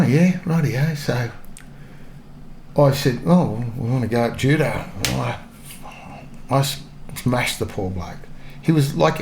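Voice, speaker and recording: A gravelly-voiced Australian man in his sixties recounts old stories from his police days at an even, mid-range pitch. He talks casually and chuckles often, slipping into the voices of the people he quotes. There is a faint hiss behind him. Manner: anecdotal, chuckling often, acts out quoted lines. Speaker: interview guest, former police officer. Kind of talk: casual storytelling interview.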